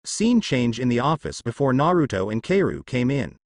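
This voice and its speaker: A man narrating fan fiction in an expressive, lightly humorous storybook reading. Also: medium pitch, moderate pace, no room sound, clean studio sound.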